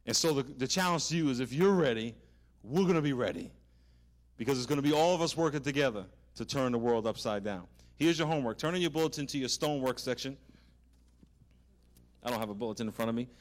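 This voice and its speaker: A man preaching as a pastor, swinging from loud animated exhortation to a hushed prayer. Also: medium pitch, fast talker. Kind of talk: sermon.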